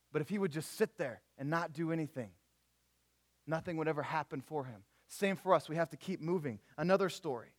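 Young male youth preacher, casual storyteller, slightly high voice. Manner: animated storytelling with voiced characters, casual slang. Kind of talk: sermon.

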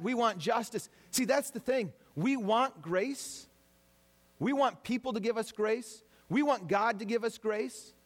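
A man preaching a sermon to his congregation, talking animatedly and acting out people's complaints in quoted voices. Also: sits high. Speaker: pastor.

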